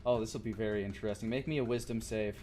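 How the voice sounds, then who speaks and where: A man running a tabletop role-playing game as dungeon master, narrating scenes in a relaxed, descriptive way with playful sound-effect noises. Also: lowish voice, fast talker, faint music behind.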